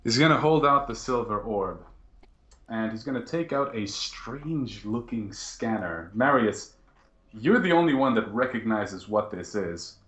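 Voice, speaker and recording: A man running a tabletop game as game master, narrating actions quickly. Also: fairly low pitch, lively intonation, fairly bright tone, reverberant. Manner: narrates quickly in present tense.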